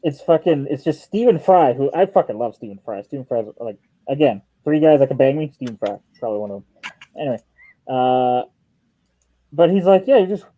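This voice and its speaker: A man's voice: medium pitch, dark tone, no room sound, lo-fi sound. A man hosting a stream in casual, joking chat, swearing and laughing often. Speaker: stream host.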